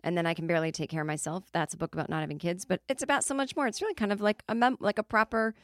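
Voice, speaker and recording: A woman comic, riffing through a loose podcast monologue that keeps doubling back on itself. Her voice sits a little low for a woman. It is recorded close and dry, with no room sound. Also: steady tone, no echo. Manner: rambling, self-interrupting storyteller with quick asides. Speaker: podcast host. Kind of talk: casual comedic monologue.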